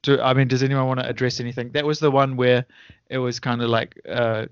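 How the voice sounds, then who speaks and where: A man running a relaxed podcast debrief for his tabletop group. He rambles, restarts his sentences and chuckles as he recalls old sessions. The sound is dry and a little dull. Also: mid-range voice, a little fast, smooth, dry recording. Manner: rambling, self-correcting, chuckling. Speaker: game master and podcast host. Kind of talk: casual podcast debrief chat.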